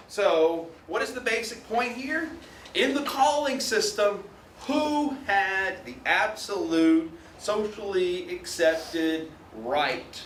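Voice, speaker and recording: A man's voice: high-pitched, a bit bright, recorded from a distance, slight background noise. Chatty male lecturer in an echoey hall. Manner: chatty, checks in with "right?". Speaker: university lecturer. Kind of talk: classroom lecture.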